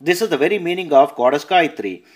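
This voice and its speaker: A man reading a scripture translation aloud at a measured pace, announcing verse numbers and notes and sometimes correcting himself. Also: fairly high pitch, animated. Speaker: narrator.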